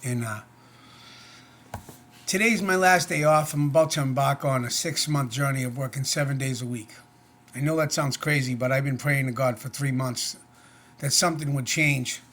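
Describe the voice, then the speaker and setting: A man's voice: medium pitch, moderate pace, a bit bright. A middle-aged man talking to camera in a casual personal vlog, earnest, plainspoken and rambling. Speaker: vlogger.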